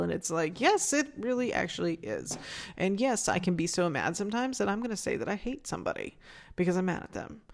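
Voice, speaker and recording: A woman hosts a solo podcast, talking straight to her listeners. Her pitch swings widely as she goes, and she comes across as intense and passionate. She restarts her sentences often and swears freely. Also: sing-song, a little fast, gravelly. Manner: candid and casual, swears freely. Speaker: podcast host.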